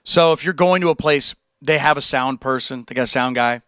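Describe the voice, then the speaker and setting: In a brisk, medium-pitched voice with a sharp, smooth tone, a young man reads and responds to viewer messages on his livestream. He's relaxed and meandering, peppering his speech with "dude" and "like," and the recording is dry.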